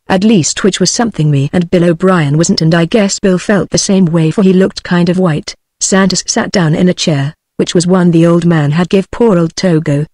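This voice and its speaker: A computer-generated woman's voice with a British accent, reading an adventure novel aloud in an even synthetic manner. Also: lowish voice, no room sound. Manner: even synthetic reading, same voice for every character. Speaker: narrator. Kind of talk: text-to-speech audiobook reading.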